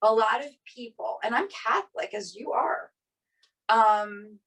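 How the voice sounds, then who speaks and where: A husky, slightly high female voice moves at an unhurried pace. She co-hosts a podcast and, coming from an Italian family, tells a personal story casually, playing the people she quotes with animation and lots of "like."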